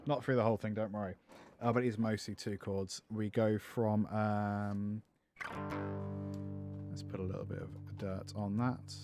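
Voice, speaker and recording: A man's voice: on the low side, level tone, a little slow, long pauses, a little mellow, faint music behind. A man talking casually on a livestream while writing a song, self-amused and joking dryly about his own lyrics. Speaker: streamer and guitarist. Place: home music studio.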